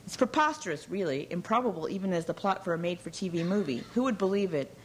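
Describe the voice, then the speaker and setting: A weary young caterer in a storybook reading, answering with wry, sardonic remarks in a low voice, as the woman narrator reads her. There is a bitter edge under her calm. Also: quick pace, slight background noise, natural voice, rough recording.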